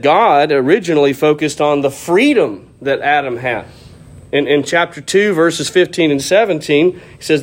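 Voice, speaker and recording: Man preaching, fairly high voice. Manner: steady teaching tone with occasional restarts and fillers. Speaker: pastor. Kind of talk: expository sermon.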